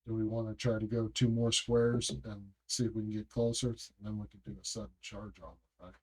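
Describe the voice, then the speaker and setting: A man's voice: fairly low pitch, little pitch movement, brisk, a little mellow, poor audio. A man playing in a tabletop game, talking cautiously as he plans moves step by step. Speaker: player. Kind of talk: casual tabletop game chat.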